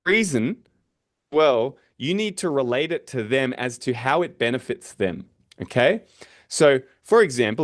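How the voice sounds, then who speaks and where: A man coaching real estate agents on door-knocking, casually acting out doorstep conversations. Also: mid-range voice. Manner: casual, acts out doorstep dialogue. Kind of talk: teaching door-knocking technique.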